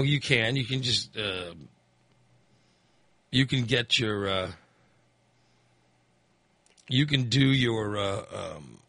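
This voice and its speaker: A man's voice: medium pitch, sharp tone, slightly rough, dry recording. A man hosting a call-in radio chat, rambling and acting out angry voters. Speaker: radio host.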